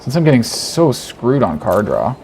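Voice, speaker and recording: A man's voice: medium pitch, moderate pace, slight background noise. Male gamer muttering through a card game. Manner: animated, talks to himself, frustrated jokes. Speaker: game streamer. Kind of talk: gameplay commentary.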